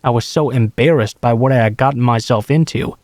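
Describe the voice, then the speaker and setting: A man narrating a true horror story in the first person, in a measured, earnest read. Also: mid-range voice, darkish tone, dry recording.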